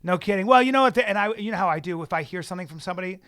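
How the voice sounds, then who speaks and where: High-voiced man telling animated stories. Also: rapid-fire, no echo, clean studio sound. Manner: animated, self-deprecating storyteller. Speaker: podcast co-host. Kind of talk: casual chat, storytelling.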